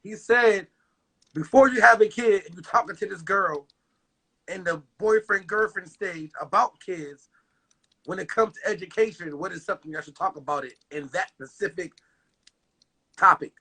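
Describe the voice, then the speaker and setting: Man, high voice, husky, joking, profane, casual chat. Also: moderate pace, sharp tone, rough recording. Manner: joking, profane, laughs often. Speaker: co-host.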